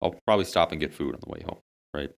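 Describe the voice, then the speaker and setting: Young guy on a podcast, real deep voice, swears a lot telling his story. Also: racing, vocal fry. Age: young adult. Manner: animated, swearing, dramatic comic storytelling. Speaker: podcast co-host. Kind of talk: casual storytelling among friends.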